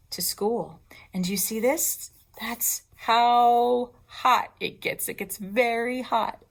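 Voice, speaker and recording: A woman librarian leading a storytime for young children, talking in an expressive, teacherly way. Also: medium pitch, vocal fry, slightly rough.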